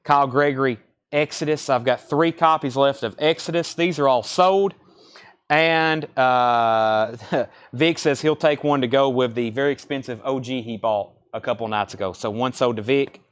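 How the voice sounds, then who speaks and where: A man's voice: mid-range voice, clean tone. Chatty man calling out record sales. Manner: rattles off names, titles and prices in quick succession; chatty and informal between listings. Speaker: record store host running a live sale. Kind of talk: live-stream sales patter.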